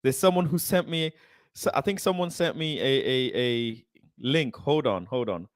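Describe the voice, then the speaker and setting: A man hosting a football fan livestream, excitedly chatting, at times shouting and singing along. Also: medium pitch, normal speed, no echo, studio quality. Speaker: football channel host. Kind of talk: livestream chat. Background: music playing.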